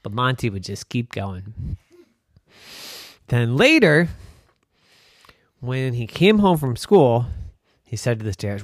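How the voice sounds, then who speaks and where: Man storyteller, slow unhurried pace, lively sing-song delivery. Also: mid-range voice, no room sound, studio quality. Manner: animated, playful storytelling. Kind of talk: improvised children's story narration.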